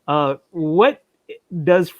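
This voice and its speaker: A man's voice: a little high, animated, very slow, dry recording, lo-fi sound. A man in a casual podcast chat who laughs a lot and keeps asking questions.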